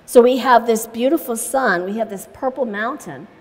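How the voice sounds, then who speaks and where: A woman's voice: a little high, moderate pace, a little mellow. A woman teaching watercolor in a live demonstration, chatting through each step as she paints and laughing easily as she tells stories. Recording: long reverb in a large room.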